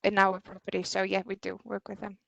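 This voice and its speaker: Gravelly-voiced woman on a video call. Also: mid-range voice, monotone, quick pace, dry recording, lo-fi sound. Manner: hesitant, short answers. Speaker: hotel representative. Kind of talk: answering questions in a webinar.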